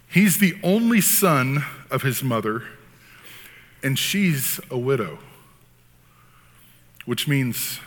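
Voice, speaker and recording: A man preaching a sermon as pastor, talking in an animated, conversational way with frequent asides. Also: mid-range voice. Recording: long hall reverb.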